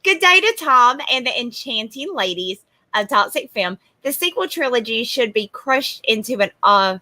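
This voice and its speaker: Woman co-host with a crisp, bright tone and a blunt, jokey delivery. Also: a little high, big pitch swings, normal speed. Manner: blunt, joking, slangy. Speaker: podcast co-host. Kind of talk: casual livestream chat.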